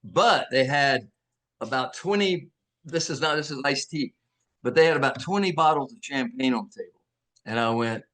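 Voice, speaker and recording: Older male actor, interview guest; higher-pitched voice, animated anecdotes full of impressions and restarts. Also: moderate pace. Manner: animated, acts out quoted voices, frequent restarts. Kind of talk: anecdotal storytelling.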